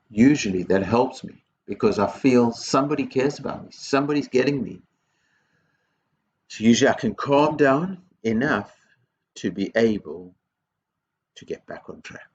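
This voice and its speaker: A man's voice: medium pitch, lively intonation, moderate pace, a little mellow, husky. A man speaking as a headteacher in a school video assembly, earnest and encouraging, repeating his key phrases.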